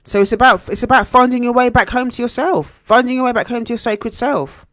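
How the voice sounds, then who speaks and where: A woman's voice: on the high side, a little fast, dry recording, studio quality. Earnest woman giving a motivational live stream talk. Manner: earnest, repeats phrases for emphasis; gentle, encouraging. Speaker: coach and therapist hosting a live stream.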